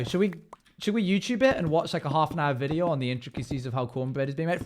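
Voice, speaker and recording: A man riffs with his chat during a live stream. His voice sits a little high and jumps around in pitch. He talks in a loose, teasing way and laughs easily. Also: lively intonation, fast. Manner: playful, joking banter with chat, frequent laughter. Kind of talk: casual livestream chat.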